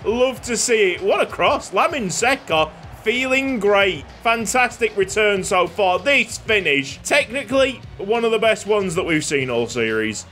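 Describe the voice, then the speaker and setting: A man giving excitable play-by-play commentary on his own football video game, shouting and laughing when goals go in. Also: high voice, a little slow, slight background noise. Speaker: gaming YouTuber.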